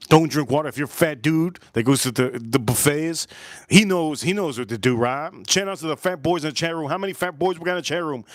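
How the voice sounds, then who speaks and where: A man's voice: a little high, no room sound. A man hosting a casual whiskey livestream, rambling and repeating himself with joking asides to his chat. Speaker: livestream host reviewing whiskey.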